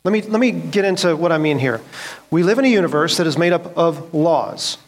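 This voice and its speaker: Guy teaching bible class, kinda high voice, earnest, asks the group stuff. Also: expressive, fairly quick. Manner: earnest, asks the room questions, quotes scripture. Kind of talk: church teaching session.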